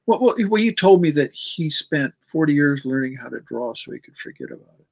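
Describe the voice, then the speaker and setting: A man's voice: a little high, big pitch swings, fairly quick, vocal fry, no room sound, poor audio. A man in his sixties, a guest in a casual interview, telling long stories in a rambling way and repeating words as he goes. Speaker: comic artist guest.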